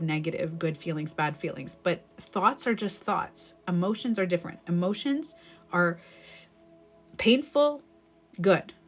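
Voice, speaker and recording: Low-voiced woman coaching live. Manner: casual, repetitive, encouraging coaching talk. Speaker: breakup and self-love coach. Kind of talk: live-stream talk to viewers.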